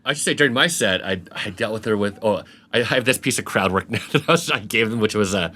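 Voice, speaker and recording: A male comedian recounts a chaotic club night on a podcast, loose and profane. His voice is bright and his pitch bounces widely as he builds each story. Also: quick pace, hardly any pauses. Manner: lively, profane, laughs through stories. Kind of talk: casual storytelling chat.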